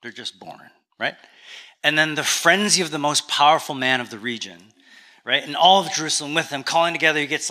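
A man, a pastor with a Canadian accent, preaching a sermon in a relaxed, conversational storytelling way with touches of humor. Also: on the high side.

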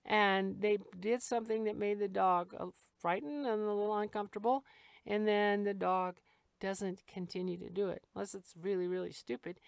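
A woman's voice: mid-range voice, gravelly, clear, resonant tone, dry recording, studio quality. A middle-aged woman, a dog trainer, talking frankly and casually, laughing easily as she explains her methods.

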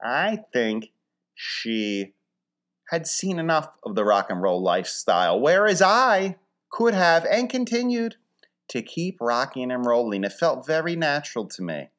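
A man's voice: medium pitch, very animated, measured pace, fairly bright tone. A man from Philadelphia hosting a casual comic monologue, rambling with wry, dry humor and mock-grand wording.

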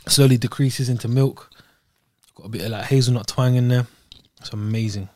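A man, co-hosting a podcast and describing desserts in relaxed, savoring detail. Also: mid-range voice, a little fast. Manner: relaxed, savoring, talks about food in detail. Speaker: podcast co-host. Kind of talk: casual food review chat.

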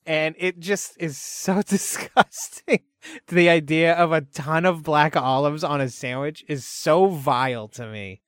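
A man's voice: a little high, measured pace, fairly bright tone, clear, resonant tone, no room sound, studio quality. A man co-hosting a podcast, talking casually and laughing often. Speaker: podcast co-host. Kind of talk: casual chat.

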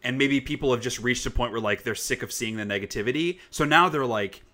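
A young man co-hosting a podcast, venting in a loose, animated rant full of "like" fillers. His voice is bright and forward, sitting at an ordinary pitch. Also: a little fast. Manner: animated, frequent "like" fillers, swearing. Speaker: podcast co-host. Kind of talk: casual ranting chat.

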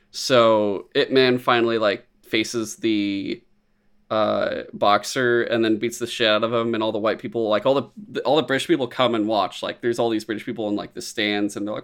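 Animated man in casual chat. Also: mid-range voice, normal speed, smooth. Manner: animated, profane, acts out quotes in silly voices.

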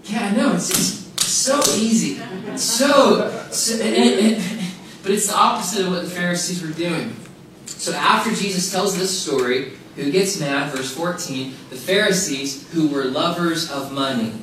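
A man delivers a sermon with emphatic repetition and casual asides. His voice sits high, and the recording is heavily echoey, picked up from a distance with faint background noise. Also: measured pace, fairly bright tone. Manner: emphatic, repeats key phrases, casual asides. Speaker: pastor. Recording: very echoey room, mic far off, faint noise.

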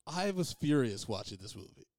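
A man's voice: medium pitch, very animated, brisk, a little mellow, no room sound, clean studio sound. A man co-hosting a podcast, talking casually with incredulous, profane outbursts and frequent laughter about a bad movie. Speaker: podcast co-host. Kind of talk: casual movie review chat.

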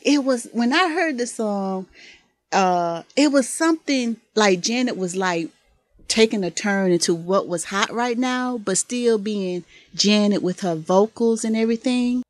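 A woman from Mississippi with a Southern accent, co-hosting a casual podcast chat, enthusiastic and quick to laugh. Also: medium pitch, no echo. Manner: animated, laughs often, enthusiastic. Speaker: podcast co-host.

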